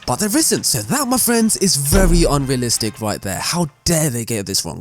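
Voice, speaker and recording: A man's voice: a little high, very animated, a little fast, hardly any pauses, faint music behind. A man hosting a car gaming video, delivering comedic commentary in a theatrical, mock-outraged way. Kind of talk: comedic game commentary voice-over.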